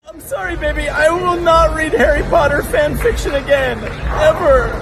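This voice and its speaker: A man voicing an apologetic woman in a shrill falsetto. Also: normal speed, over music, a crowd in the background, low-quality recording.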